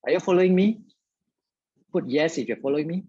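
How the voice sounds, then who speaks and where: A man's voice: on the high side, brisk, a little mellow, husky, no room sound, muffled recording. A man tutoring biology in a live online lesson, talking straight to his viewers and filling his speech with "okay".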